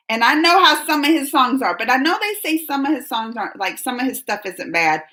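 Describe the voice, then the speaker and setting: A woman's voice: high-pitched, bright, forceful tone. A woman hosting a casual live stream, chatting and giggling as she reads viewer comments aloud. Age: adult under 45. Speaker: reaction channel host reading live chat.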